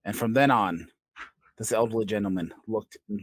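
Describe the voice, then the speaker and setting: A man's voice: fairly low pitch, normal speed, breathy edge, no echo. A man co-hosting a comedy podcast, spinning absurd made-up stories in a playful, joking way. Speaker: podcast co-host.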